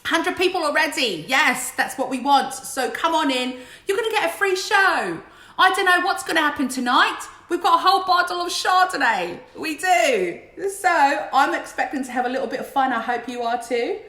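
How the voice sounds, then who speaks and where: Woman, high voice, chatty and joking, a little tipsy, home livestream in an echoey room. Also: lively intonation, normal speed, bright, forceful tone. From Queensland, Australia. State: slightly tipsy. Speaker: livestream singer. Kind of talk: casual livestream chat. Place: her house, indoors. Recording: echoey room with backing music.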